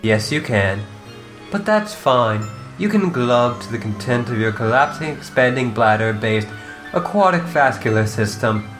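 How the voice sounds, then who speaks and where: A woman voicing a calm, formal, dryly witty young female troll in a fan reading of chat logs. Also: rumbling low, soft background music. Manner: measured, formal wording with dry humor.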